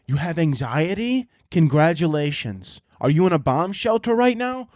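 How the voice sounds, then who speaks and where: A young man in a solo comedy podcast, ranting and cursing as he goes. His voice sits fairly high. The sound is dry and close, with no room around it. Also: moderate pace, no echo. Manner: profane, animated ranting with mocking impressions. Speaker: podcast host.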